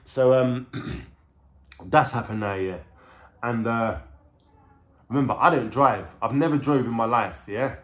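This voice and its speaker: A man with a London accent recounts a story in a loose, conversational way. He talks in street slang, swears freely and keeps checking in with the listener. His voice sits at an ordinary middle pitch. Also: takes it slowly, long pauses. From England. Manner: street slang, swearing, frequent "you know what I'm saying". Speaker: vlogger. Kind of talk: casual storytelling.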